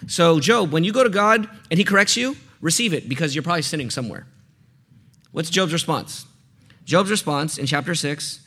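A man's voice: fairly high pitch, very animated, normal speed, sharp tone, breathy edge. A man preaching a sermon, walking through a passage and asking his listeners questions to fill in the blanks. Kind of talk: sermon teaching.

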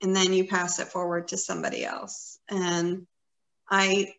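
A woman's voice: fairly low pitch, monotone, unhurried, a bit bright. Fifties woman, earnest chatty podcast co-host, encouraging; echoey room. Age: 50s. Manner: earnest, encouraging, rambling with fillers. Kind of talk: casual conversation. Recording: roomy echo.

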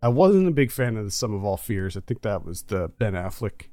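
A man co-hosting a casual movie review chat, talkative and quick to laugh. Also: lowish voice, very animated, dark tone, no room sound. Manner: chatty, laughs easily. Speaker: podcast co-host.

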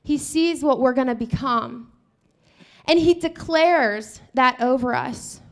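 A woman preaching a sermon, retelling scripture and acting out the dialogue with lively shifts of voice. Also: high voice, slow pace.

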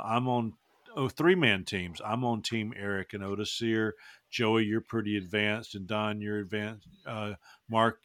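A man's voice: fairly low pitch, fairly bright tone, no room sound, clean studio sound. Joking man hosting a podcast. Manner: joking, rambling, laughs often. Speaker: podcast host. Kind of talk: casual chat.

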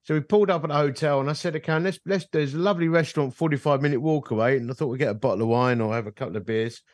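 A man's voice: on the high side, very fast, no echo. Man telling a story, dry close sound. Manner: animated storyteller who acts out dialogue. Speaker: podcast guest, ministry leader. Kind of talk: storytelling in casual conversation. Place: bar.

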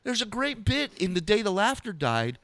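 Man telling animated comedy stories. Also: high-pitched, moderate pace, no echo, clean studio sound. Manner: animated storyteller, mimics the comedian he describes. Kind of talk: casual podcast conversation.

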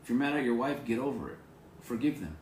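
A man's voice: medium pitch, animated, quick pace, darkish tone, reverberant, slight background noise. A man preaching an informal devotional sermon to viewers on camera, earnest and encouraging, repeating his phrases. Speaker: pastor.

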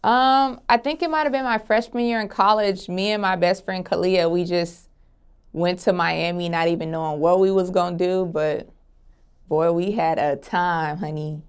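A young woman from Atlanta talks through interview questions in a loose, easygoing way, chuckling between answers. Her voice sits on the low side, with a smooth tone and a gravelly fry underneath. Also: steady tone, normal speed. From Atlanta, Georgia. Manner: easygoing, laughs often, drawls "honey". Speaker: interview guest. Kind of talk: relaxed sit-down interview answers.

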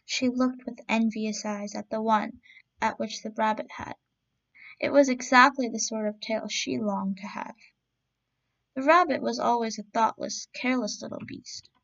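High, gravelly woman reading stories. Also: steady tone. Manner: slow, gentle storybook reading. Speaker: storyteller. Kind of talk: reading children's stories aloud. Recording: dull lo-fi recording.

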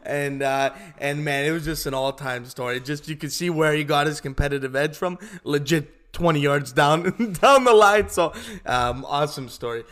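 A young man hosting a podcast, chatting casually and telling stories in an animated way. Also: fairly high pitch, normal speed. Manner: animated storytelling with laughs. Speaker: podcast host. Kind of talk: casual interview chat.

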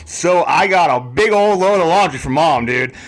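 A man's voice: fairly high pitch, expressive, moderate pace. A young man co-hosting a podcast, chatting in a laid-back, profane way. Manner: laid-back, profane, laughs between lines. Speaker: podcast co-host. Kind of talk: casual chat.

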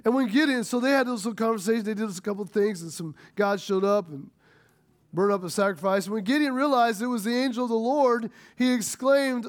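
A middle-aged American pastor with a high-sitting, brisk voice preaches a sermon. He retells a story and acts out its dialogue, restarting his sentences frequently.

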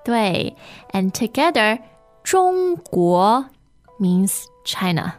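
Slow, careful woman teaching a language. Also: mid-range voice, sing-song, faint music behind. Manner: slow, careful modelling of each word, repeated twice. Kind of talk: podcast language lesson.

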